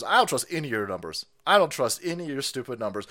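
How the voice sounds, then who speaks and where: A man's voice: mid-range voice, very animated, fast, hardly any pauses, pushed and bright. A man hosting a casual ranting live stream, profane and mocking, laughing often and putting on silly voices. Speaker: political stream host.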